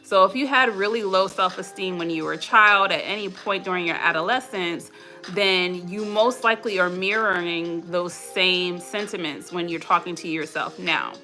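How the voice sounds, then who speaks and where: Bright-voiced woman hosting live affirmations. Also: fairly low pitch, normal speed, faint music behind. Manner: earnest, reflective, repeats affirmations; answers live chat between points. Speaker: host of a live motivational stream. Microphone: webcam or phone mic on a live stream.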